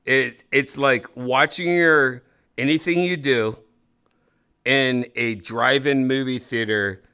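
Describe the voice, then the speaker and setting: A man hosting a podcast in a casual chat, giggling constantly and bursting into excited shouts. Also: medium pitch, slow, clean tone. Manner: giggly, laughs constantly between lines. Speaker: podcast host.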